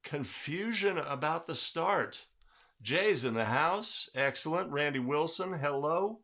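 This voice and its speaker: A man's voice: fairly high pitch, expressive, slow, pushed and bright. A man hosting a livestream in casual chat, upbeat and greeting viewers by name. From California. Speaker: livestream host.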